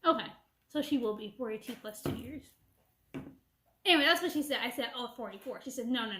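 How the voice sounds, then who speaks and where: A young woman rants through a casual storytime, replaying a conversation line by line. Her voice sits high and bright in pitch, and the room rings around her with a noticeable echo. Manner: animated retelling with quoted back-and-forth. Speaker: vlogger. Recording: echoey room.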